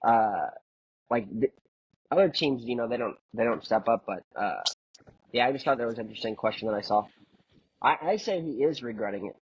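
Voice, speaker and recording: A man's voice: mid-range voice, animated, brisk, slightly rough, highs cut off. A man co-hosting a casual sports podcast, talking in a rambling way full of filler words. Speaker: podcast co-host.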